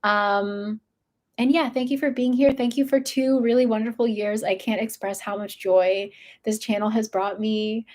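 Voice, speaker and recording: A woman's voice: on the high side, steady tone, moderate pace, a little mellow. A young woman hosting a book channel livestream from her room, chatting casually and meandering with lots of fillers.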